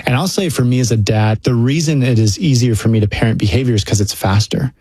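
A man's voice: mid-range voice, fast talker, dark tone, slightly rough, dry recording. A man co-hosting a faith-based conversation about parenting, earnest and reflective, laying out his points one by one.

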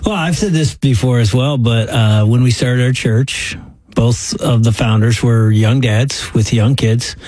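A man's voice: medium pitch, a little slow, a little mellow, dry recording. A middle-aged man, a pastor, chatting casually and affirming the others. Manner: affirming, conversational. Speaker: pastor and podcast co-host. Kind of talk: casual chat.

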